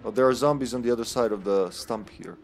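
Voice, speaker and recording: A man chats casually while he streams an online game with friends. He jokes crudely and laughs often between remarks, his voice sitting in an ordinary middle pitch. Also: fast talker, faint music behind. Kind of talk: casual gaming chat.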